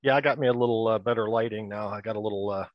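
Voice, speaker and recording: A man's voice: on the low side, fairly even intonation, rapid-fire, no room sound, muffled recording. A man co-hosting a podcast over a video call, easygoing and rambling. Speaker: podcast host. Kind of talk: casual video call chat.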